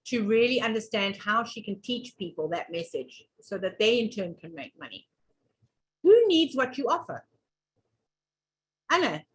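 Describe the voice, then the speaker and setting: A woman's voice: on the high side, low-quality recording. A middle-aged woman, a public speaking coach, teaching a live workshop with emphatic, repeated questions.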